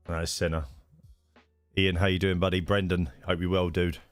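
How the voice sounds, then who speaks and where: A man's voice: sits low, little pitch movement, normal speed, no echo, soft background music. A man hosting a live stream of a racing league, chatting casually and greeting viewers by name with lots of fillers.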